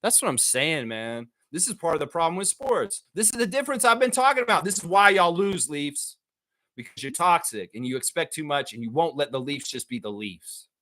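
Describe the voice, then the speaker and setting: Excitable high-voiced man hosting sports talk. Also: a little fast. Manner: excitable, rambling and profane; slangy, talks straight to the audience. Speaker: sports talk show host. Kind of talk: casual live sports chat.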